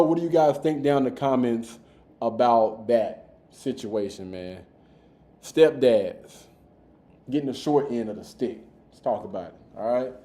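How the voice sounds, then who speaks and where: A man hosts a casual reaction podcast. He talks loose and slangy, doubling back on his words. His voice is mellow, and his room echoes around him. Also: mid-range voice. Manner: laid-back, slangy, repeats himself. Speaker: podcast host reacting to videos. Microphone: streaming mic.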